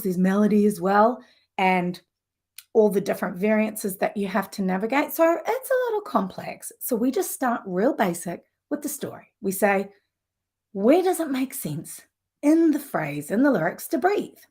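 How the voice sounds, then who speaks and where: A woman vocal coach teaching a live lesson in an enthusiastic, conversational way, with warm asides. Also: mid-range voice.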